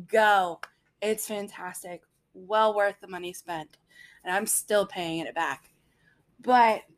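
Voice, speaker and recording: A young woman telling a personal faith story in a casual, rambling way, often laughing at her own anecdotes. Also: medium pitch.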